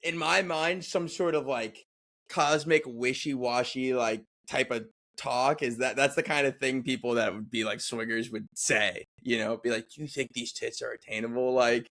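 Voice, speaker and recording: A man's voice: mid-range voice, steady tone, unhurried, a bit bright. Man, mid voice, eager, rambling, casual podcast talk, mimics characters. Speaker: podcast co-host. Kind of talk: casual film discussion.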